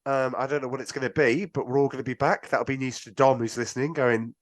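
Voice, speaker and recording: A man's voice: mid-range voice, steady tone, fast, no room sound. British man in joking podcast banter. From Britain. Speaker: podcast host. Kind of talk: casual podcast chat.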